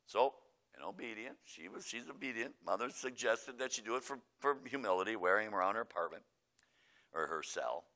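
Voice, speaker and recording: A priest giving a retreat talk, telling a folksy story and acting out the dialogue. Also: male voice, on the low side, a little fast. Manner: animated storyteller who acts out dialogue; folksy, says "I says". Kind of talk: sermon with anecdotes.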